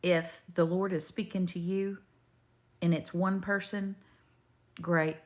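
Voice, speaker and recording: A woman's voice: on the low side, fairly even intonation, slow pace, darkish tone. Older woman, chatty faith talk. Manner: chatty, digressive, homespun, talks straight to the viewer. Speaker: faith video maker. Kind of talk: rambling faith testimony to camera.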